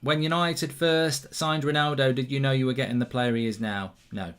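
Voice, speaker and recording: Casting note: man hosting a football stream, mid-pitched, chatty and rambling. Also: steady tone, moderate pace, a bit bright, smooth. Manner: chatty, reads viewer comments aloud, many ums and restarts. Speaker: host of a football watchalong. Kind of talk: casual live-stream chat and commentary.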